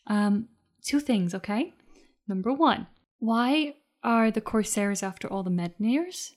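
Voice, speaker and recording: A woman player speaking in character in a tabletop game, gentle and reassuring. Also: fairly high pitch, lively intonation, slow. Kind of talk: in-character role-play.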